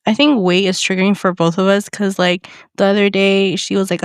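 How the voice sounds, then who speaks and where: A young woman speaks frankly on a podcast, animated as she retells everyday conversations. Her voice sits close and dry, with little room around it. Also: medium pitch, quick pace, few pauses, clean tone, dry recording. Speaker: podcast co-host. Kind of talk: casual chat.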